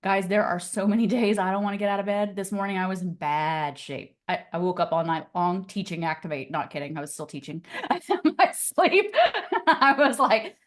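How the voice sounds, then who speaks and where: A woman's voice: mid-range voice, moderate pace. Chatty woman coaching an online class. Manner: energetic, chatty, many fillers like "like" and "okay?". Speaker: real estate coach.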